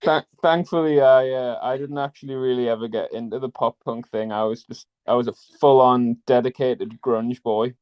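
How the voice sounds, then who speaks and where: A man chats casually, rambling through his stories with plenty of fillers. His voice sits at an ordinary middle pitch. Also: steady tone, moderate pace, few pauses, clean tone, highs cut off. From North East England. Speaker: participant in an online group chat. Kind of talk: casual chat.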